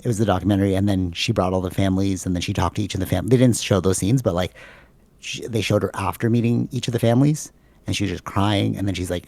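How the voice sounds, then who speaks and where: Male podcast co-host, low and gravelly, rambling casual talker. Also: fast, a little mellow, dry recording. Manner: rambling, filler-heavy, says "like" and "bro" a lot.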